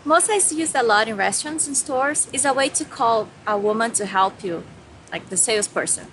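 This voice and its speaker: A Brazilian woman with a Brazilian Portuguese accent teaching Portuguese words, cheerfully repeating each word slowly and giving its English meaning. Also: fairly high pitch, animated, fairly bright tone. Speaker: language teacher. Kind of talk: bilingual vocabulary lesson. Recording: echoey room with faint noise.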